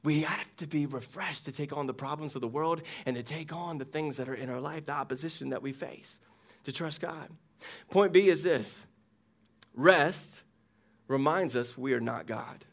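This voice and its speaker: A man's voice: fairly high pitch, fairly bright tone. A middle-aged pastor preaching a sermon, asking the congregation questions as he goes. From United States.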